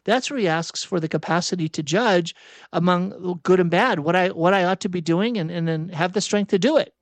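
A man's voice: high voice, a little fast, dry recording. A man giving a sermon in a reflective, searching way, often restarting and correcting himself mid-thought. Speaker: preacher.

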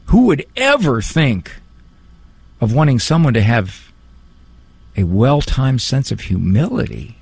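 A man speaks as a psychologist, animated and joking, his pitch rising and falling in a lively way. The voice is gravelly and husky. It sounds close and dry. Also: unhurried, pauses often, no room sound. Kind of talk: talk on parenting and faith.

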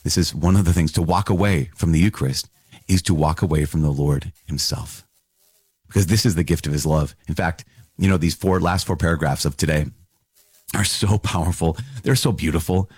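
A man's voice: a bass voice, a little fast, darkish tone, husky, dry recording. A man hosting a podcast, teaching on faith in an earnest, conversational way, often restarting and laughing. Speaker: podcast host, priest teaching. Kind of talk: casual catechism teaching podcast.

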